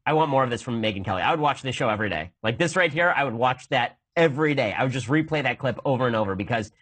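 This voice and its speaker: A male political commentator in his thirties talks at a rapid clip and drives each argument home with emphasis. His voice has a slight husky grain to it. He sounds like a regular host answering questions from his audience. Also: medium pitch, a bit bright, rough recording. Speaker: podcast host.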